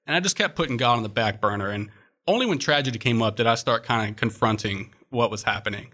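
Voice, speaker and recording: A young man with a bright, forceful voice, speaking as a guest on an interview show. He tells his story earnestly and reflectively, with plenty of "uh"s along the way. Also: medium pitch, fast. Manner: earnest, reflective, frequent "uh" fillers. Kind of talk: personal testimony in interview.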